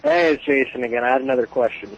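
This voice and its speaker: A man's voice: medium pitch, steady tone, rapid-fire, breathy edge, dull audio. A man calling in to a radio show to ask a question, a little hesitant. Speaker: radio caller.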